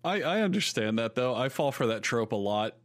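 Animated storytelling man, podcast co-host. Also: medium pitch, a little fast. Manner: animated storyteller, acts out movie lines. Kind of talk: casual chat.

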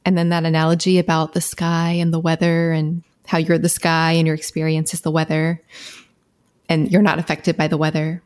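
A woman's voice: deep voice, completely flat delivery, moderate pace, darkish tone, smooth. A woman co-hosting a podcast in casual chat, reflective and sympathetic. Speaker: podcast co-host.

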